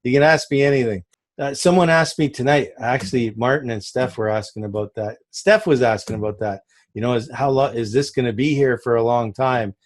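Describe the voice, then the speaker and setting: A man hosting a casual group call, talking in an upbeat, rambling way and laughing easily. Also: mid-range voice. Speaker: call host.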